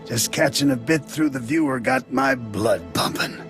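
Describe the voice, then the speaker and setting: A man voicing a gruff, commanding officer in a game cutscene. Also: medium pitch, moderate pace, music in the background. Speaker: military commander.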